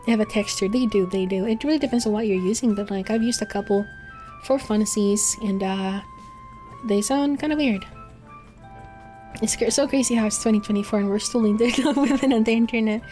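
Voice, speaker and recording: Woman streamer, casual chat, rambling and swearing, warm soft tone, faint music behind. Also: medium pitch, brisk. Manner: rambling, profane, frequent laughs. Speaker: VTuber streamer.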